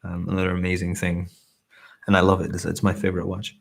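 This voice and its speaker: This man from Scotland, in his thirties with a softened Scottish accent, runs a soft-spoken ASMR live stream chat, thanking viewers earnestly as he reads their comments. He talks fast in a low, creaky voice, his delivery completely flat.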